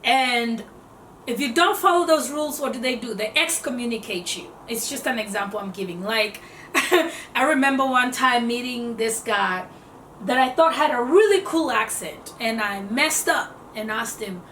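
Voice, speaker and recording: A woman's voice: on the high side, normal speed, fairly bright tone, echoey room, distant mic, a little hiss or hum. A woman giving casual self-development advice in a conversational way, explaining with rhetorical questions.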